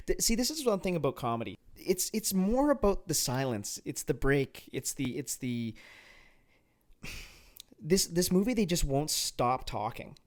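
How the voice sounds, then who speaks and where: A man with a mid-range voice co-hosting a film podcast. He rants in an animated, exasperated tone and often stammers and restarts his sentences. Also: medium pitch. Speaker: podcast co-host. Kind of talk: casual film review chat.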